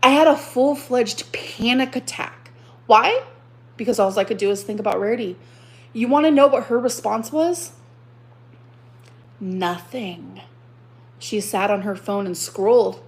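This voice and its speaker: A woman on a live stream, telling a story in an agitated, emotional rant, repeating herself and swearing. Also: fairly high pitch.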